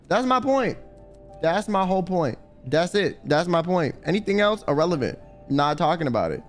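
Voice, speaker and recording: A young American man streaming, arguing with his chat in a profane, combative way. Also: fairly high pitch. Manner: profane, argumentative, answering chat. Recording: music playing behind.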